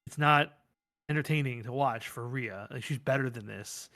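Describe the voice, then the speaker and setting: At normal speed and in a medium-pitched voice, a male co-host chats casually on a livestreamed wrestling talk show. He's animated and rambling, performing quotes along the way.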